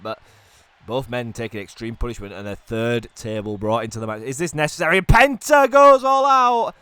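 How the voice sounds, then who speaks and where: A man doing excited play-by-play commentary on a wrestling video game while ill, dropping to low mutters and then bursting into shouts. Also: clean tone, no echo. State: ill, coughing.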